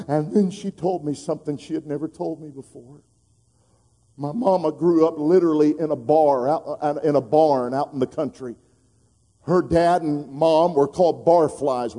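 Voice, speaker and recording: A middle-aged man, preaching a sermon, telling an emotional personal story that builds to loud, fervent preaching. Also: on the high side. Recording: long hall reverb.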